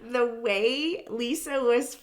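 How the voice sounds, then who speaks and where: A woman's voice: a little high, slow. A woman hosting a reality TV recap, gossiping sarcastically with laughing asides.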